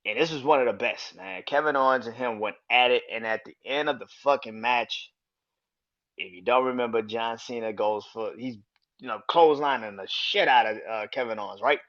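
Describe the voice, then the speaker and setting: Profane, excitable man on a podcast. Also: medium pitch, brisk, dull audio. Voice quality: profane, excitable, laughs often. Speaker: podcast host. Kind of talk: casual wrestling podcast rant.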